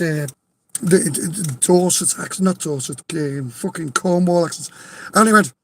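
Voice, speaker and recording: High-voiced Liverpudlian man spinning yarns. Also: slightly rough. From Liverpool, England. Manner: animated, swears freely, laughs often, keeps insisting it is true. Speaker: storyteller. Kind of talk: casual anecdote telling.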